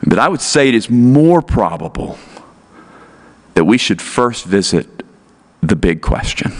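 A man's voice: lowish voice, very animated, a little slow, long pauses. A male pastor preaching a sermon in an earnest, emphatic way, pressing his points with repeated rhetorical questions.

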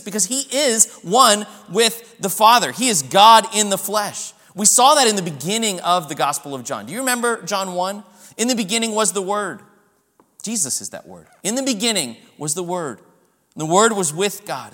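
A man preaching a sermon in a church, his voice sitting high. He presses his points with strong, rising emphasis. A long reverb trails each phrase. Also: fairly bright tone. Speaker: pastor.

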